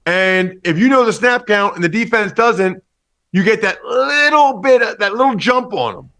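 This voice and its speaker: A man with a noticeably high voice talks football on a radio show. He sounds lively and teasing, always quick to poke fun at the hosts, and he never lets the banter drop. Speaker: football podcast host and analyst, guest. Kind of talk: casual radio interview banter.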